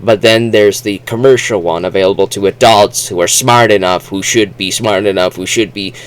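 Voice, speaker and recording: Low-voiced man rambling about a book. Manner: rambling, halting, with restarts. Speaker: book reviewer. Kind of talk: casual book review vlog.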